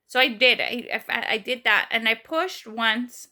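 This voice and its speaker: A young woman telling a story to her camera, her voice high and bright. She talks casually with lots of fillers and slips into lively quoted voices for the people in her story. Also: moderate pace. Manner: animated retelling, acts out quoted voices, many fillers. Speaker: vlogger.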